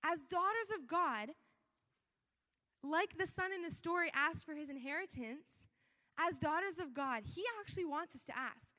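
A woman's voice: high voice, moderate pace, bright, forceful tone. A young woman giving a casual, chatty youth sermon, acting out quoted prayers along the way. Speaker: youth speaker. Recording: reverberant hall.

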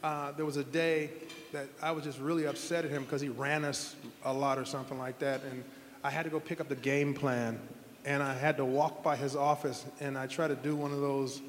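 A man's voice: medium pitch, little pitch movement, a little fast, long reverb tail, slight background noise. A middle-aged man, a former football quarterback, telling heartfelt stories in an interview with earnest, rambling restarts. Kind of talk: interview storytelling.

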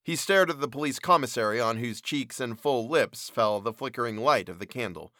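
Male narrator, bright tone, dry close recording, expressive storybook read. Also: mid-range voice, a little fast, hardly any pauses, no room sound. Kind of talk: storybook reading.

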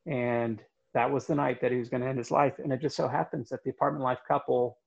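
A man tells a story in an earnest, halting way, pausing on fillers. His voice is gravelly and husky. The audio sounds dull and lo-fi. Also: mid-range voice, flat delivery. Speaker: guest telling a story. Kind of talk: storytelling in conversation.

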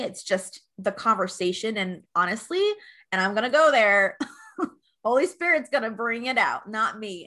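A woman in her thirties, a life coach, telling her story in a casual podcast interview, earnest and animated, laughing often. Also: mid-range voice.

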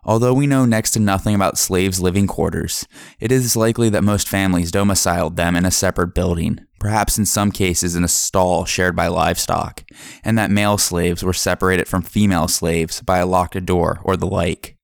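A man narrating a history podcast from a script, in a measured reading manner. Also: low voice, steady tone, gravelly, no room sound, studio quality.

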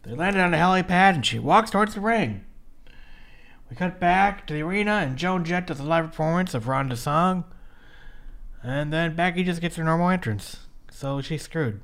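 A man's voice: on the high side, animated, a bit bright. A man co-hosting a casual podcast, recapping a wrestling match in a blunt play-by-play way. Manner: blunt, rapid play-by-play narration. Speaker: podcast co-host.

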